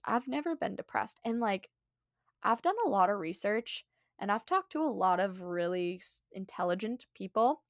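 A woman's voice: mid-range voice, fairly bright tone, no room sound. Young woman chatting on her podcast, earnest and encouraging, lots of "like", dry sound. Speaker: podcast host. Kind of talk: casual solo podcast talk.

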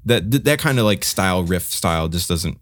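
Low-voiced man rambling about music. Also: expressive, moderate pace, no room sound. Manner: rambling, many fillers and restarts, hums riffs. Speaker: podcast co-host. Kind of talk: casual music review chat.

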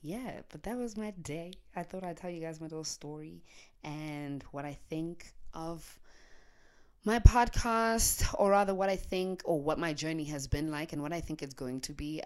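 Young South African woman, deep-pitched, animated casual storyteller, drops in Zulu slang, solo podcast from her bed. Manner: animated, laughs often, mixes in Zulu slang. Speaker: podcaster and YouTuber. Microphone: handheld microphone.

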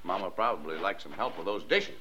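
An indulgent middle-aged father, deep, animated; dull lo-fi radio play. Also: fairly quick, husky, heavily acted. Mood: gentle. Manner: fond, teasing. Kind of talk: 1950s radio drama acting. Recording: dull lo-fi old radio recording.

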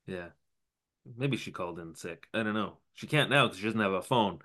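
A man's voice: fairly low pitch, moderate pace, sharp tone. A man co-hosting a podcast, recapping a TV episode in a wry, rambling way. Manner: wry, dry, rambling narration. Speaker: podcast co-host.

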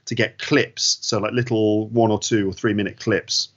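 A man's voice: on the low side, flat delivery. Wry man telling stories over dull audio. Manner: fast, wry storyteller with quoted voices. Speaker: podcast guest and teacher. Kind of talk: casual storytelling chat.

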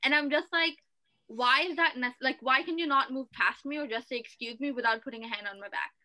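A woman's voice: high-pitched, fairly quick, bright, forceful tone, dry recording. A woman co-hosting a podcast, speaking earnestly and emphatically in a casual discussion. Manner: earnest, emphatic, many "like" fillers. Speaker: podcast co-host.

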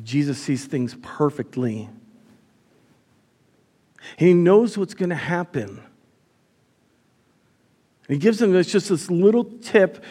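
High-voiced chatty pastor preaching. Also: male voice, sing-song, takes it slowly, long pauses, warm tone, breathy edge. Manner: casual and chatty, with many fillers. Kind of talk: live sermon. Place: church.

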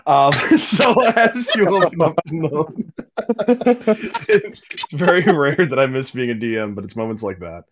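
A man's voice: a little high, animated, a little slow, a little hiss or hum. A man narrating a tabletop game as game master, casual, laughing often and swearing. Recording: dull lo-fi audio.

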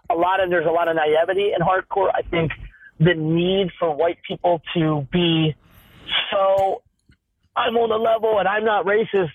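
A man in his late thirties with a fairly high voice talks candidly. He is rambling and emphatic, restarting his sentences and swearing now and then. The sound is thin and phone-like, with no room at all. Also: dry recording. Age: 30s. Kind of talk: candid conversational talk. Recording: tinny phone-like sound, dry.

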